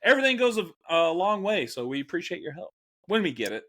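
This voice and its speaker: A man co-hosting a fantasy football show, laid-back and quick to laugh. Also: high voice, sing-song, fairly bright tone. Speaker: podcast co-host. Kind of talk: casual sports chat.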